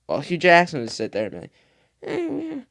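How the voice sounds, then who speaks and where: A man's voice: medium pitch, sing-song, quick pace, fairly bright tone, no echo, clean studio sound. A man hosting a podcast, ranting casually and heatedly about football, profane and rambling. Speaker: podcast host.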